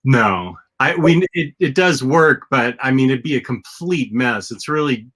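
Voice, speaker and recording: Bright-voiced man hosting a casual chat. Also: mid-range voice, animated, measured pace, breathy edge. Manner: rambling, lots of restarts and fillers. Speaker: podcast host.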